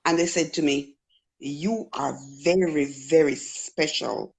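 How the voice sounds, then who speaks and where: A middle-aged Jamaican woman with a Jamaican accent speaks slowly in a low, gravelly, slightly mellow voice. In casual testimony, she earnestly tells a personal story and acts out the voices she quotes.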